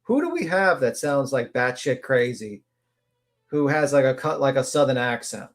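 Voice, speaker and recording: A woman's voice: a bass voice, very animated, moderate pace. Brash, profane female stream host. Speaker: livestream host. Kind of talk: casual commentary over a clip.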